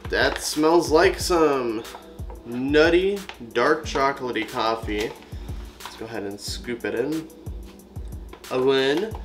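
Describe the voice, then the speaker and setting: A man's voice: mid-range voice, takes it slowly, pauses often. A man casually chatting to camera at his desk while reviewing a coffee, rambling and swearing offhand. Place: at a desk with a monitor, indoors. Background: faint background music.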